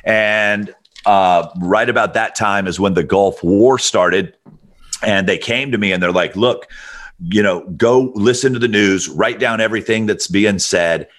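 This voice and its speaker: A middle-aged man from Alabama with a rich, deep voice, telling stories as an interview guest. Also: measured pace. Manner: relaxed storyteller with a deep radio-style voice. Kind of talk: storytelling interview.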